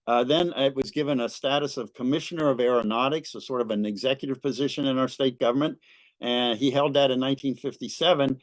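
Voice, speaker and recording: Guy from kentucky giving a slide talk, easygoing, lots of uhs, medium pitch, dry close sound. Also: quick pace, no room sound, poor audio. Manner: relaxed, many "uh" fillers. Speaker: guest speaker at a museum history talk. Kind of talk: presentation with slides.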